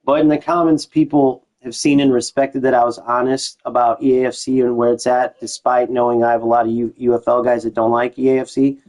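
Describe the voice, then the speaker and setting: A man's voice: mid-range voice, little pitch movement, a little fast, hardly any pauses, a little mellow, rough recording. Chatty young man streaming a game. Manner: chatty, loose, with restarts and slang like "dude". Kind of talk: casual gameplay commentary to live chat.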